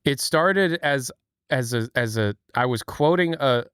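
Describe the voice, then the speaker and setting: A man's voice: mid-range voice, expressive, a little slow, fairly bright tone, smooth, no echo, clean studio sound. A man hosting a casual live stream, rambling and chatting with lots of fillers. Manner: rambling, laughing, filler-heavy. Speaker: streamer host.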